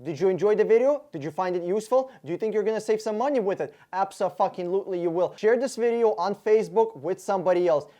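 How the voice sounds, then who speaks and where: A man's voice: high-pitched, fast talker, hardly any pauses, mellow. Brief: angry male vlogger, sarcastic, foul-mouthed, tripping over words as he tallies costs. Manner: angry, profane, sarcastic, thinks aloud through sums; stumbles and restarts words often. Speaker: car buying advisor and channel host. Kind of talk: casual rant to camera.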